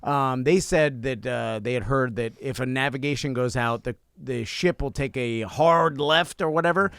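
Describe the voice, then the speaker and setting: A man hosting a comedic chat show, telling a story in a rambling, animated way. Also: medium pitch, normal speed, gravelly, clean tone, dry recording, studio quality. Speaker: show host.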